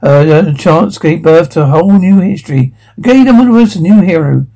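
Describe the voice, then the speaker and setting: A man voicing a solemn cosmic male narrator who speaks in grave, measured declarations, with a gravelly, mellow voice. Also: a little high, expressive.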